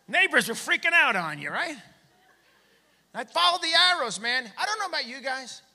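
High, bright stand-up comic in a theater. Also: male voice, moderate pace. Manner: animated, acts out shouted bits. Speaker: stand-up comedian. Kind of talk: stand-up comedy set. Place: theater stage. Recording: long hall reverb from a theater.

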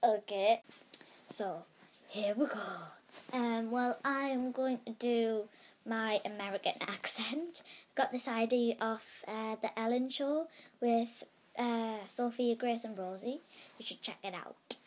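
A woman's voice: fairly high pitch, slow pace. A woman vlogging casually to camera, hesitant and rambling, often dropping to a whisper.

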